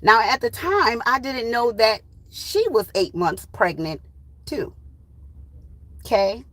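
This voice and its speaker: A woman in her thirties, a tarot channel host, telling a personal story in a blunt, profane, animated way. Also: fairly high pitch, slow pace, dry recording, low-quality recording. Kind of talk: casual storytime.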